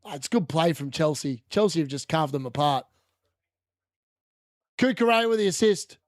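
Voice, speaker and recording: A man hosting a live fantasy football watchalong, chatting through the games and shouting when goals go in. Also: fairly high pitch, expressive, moderate pace, dry recording, clean studio sound.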